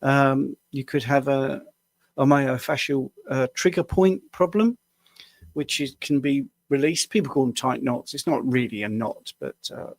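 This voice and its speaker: A man's voice: mid-range voice, a little slow, no room sound, clean studio sound. A man from the UK, a health coach, answering viewer questions on a live stream in a casual, rambling way with small self-deprecating laughs, tired after a long day at the screen. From United Kingdom.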